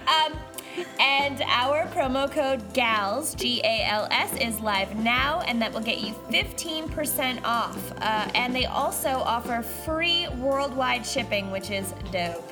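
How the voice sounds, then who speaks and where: A woman's voice: fairly high pitch, animated, music in the background. A young adult woman co-hosting a podcast in casual chat, giggly and laughing often. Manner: giggly, laughs often, slow deliberate delivery. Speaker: podcast co-host.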